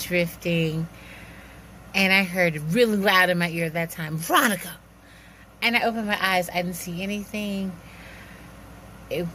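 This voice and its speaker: A woman telling a personal story in a lively, animated way, acting out the dialogue and laughing now and then. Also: lowish voice, slight background noise.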